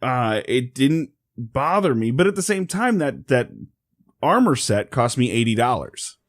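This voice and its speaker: Mid-pitched male co-host, earnest and halting, dry close recording. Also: big pitch swings, no echo. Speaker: podcast co-host. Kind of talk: casual gaming podcast chat.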